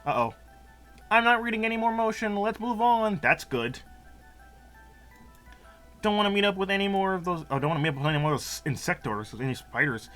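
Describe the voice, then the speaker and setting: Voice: mid-range voice, lively intonation, brisk, pauses often, a bit bright, faint music behind. A let's-play gamer giving casual, jokey, giggly commentary while playing. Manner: giggly, jokey, reacts aloud.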